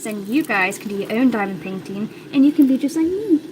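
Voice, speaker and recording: A young British woman hosts a casual crafting livestream from home, her voice sitting on the higher side as she rambles from one thought to the next. She talks in an excitable, chatty way and often repeats her words. Steady background noise runs under her voice on the stream. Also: brisk. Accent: British English. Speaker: crochet livestreamer.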